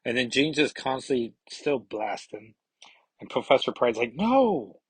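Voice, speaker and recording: Husky man casually recapping a comic. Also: medium pitch, no echo, poor audio. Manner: rambling, filler-heavy, reads dialogue in quick put-on voices. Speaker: comic book podcast host. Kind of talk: casual comic read-through with commentary.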